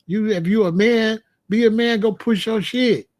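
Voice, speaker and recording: A man hosting his own livestream, hitting back at the chat in a combative, profane rant. His voice sits fairly high for a man. He mocks viewers by mimicking them. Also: normal speed, a little mellow. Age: adult. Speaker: livestream host.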